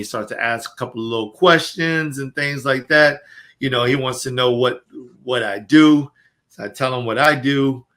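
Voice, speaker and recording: Bright-voiced man telling a story. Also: mid-range voice. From Florida. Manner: animated storyteller, reads messages aloud. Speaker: co-host. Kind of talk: casual talk show chat.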